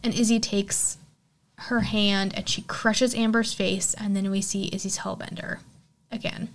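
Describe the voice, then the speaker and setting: A woman's voice: medium pitch, level tone, unhurried. A woman hosting a horror podcast, retelling a film's plot and giving her opinion in a casual, chatty way, with plenty of "like" and "you know". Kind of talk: casual film recap and review.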